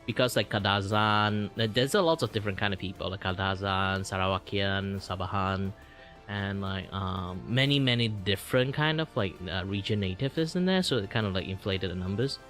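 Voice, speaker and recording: A man's voice: lowish voice, moderate pace, a bit bright. A man from Malaysia hosting a casual livestream, rambling through his points with lots of "like", fillers and the odd swear. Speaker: streamer host. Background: music he is playing.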